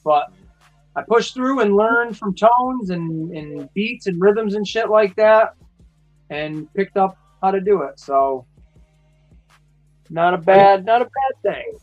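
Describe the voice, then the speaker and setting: A young man hosts a casual live stream, his voice sitting high. He rambles freely, swears often and laughs easily. Faint music plays behind him. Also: animated, highs cut off. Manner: profane, rambling, quick to laugh. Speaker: host.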